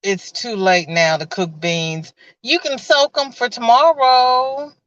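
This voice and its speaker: A woman's voice: on the high side, takes it slowly, a bit bright, no room sound. A woman hosting a casual live stream from her car, chatting and laughing as she greets viewers by name and reads their comments. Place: inside a car. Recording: dull, lo-fi.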